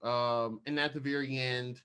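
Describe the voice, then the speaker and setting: A man co-hosting a podcast, chatting casually and rambling through scenes while acting out bits in quick voices. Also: mid-range voice, steady tone, sharp tone, clear, resonant tone. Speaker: podcast co-host.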